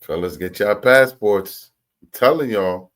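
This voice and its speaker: Male reaction host, very deep voice, jokey, cuts in to comment, talks straight to viewers. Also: measured pace, a bit bright. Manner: jokey, interjecting, addresses viewers.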